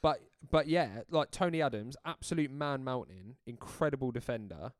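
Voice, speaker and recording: A young man co-hosting a casual football podcast, animated and swearing freely. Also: mid-range voice, moderate pace, no echo, clean studio sound. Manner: animated, swearing, lively banter. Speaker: podcast co-host.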